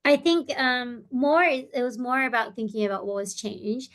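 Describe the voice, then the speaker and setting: A woman's voice: fairly high pitch, fairly even intonation, normal speed, fairly bright tone. A woman therapist leading a parent seminar, talking it through with many ums and you-knows. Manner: friendly, thinking aloud with many fillers. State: voice breaking slightly. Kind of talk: online seminar presentation.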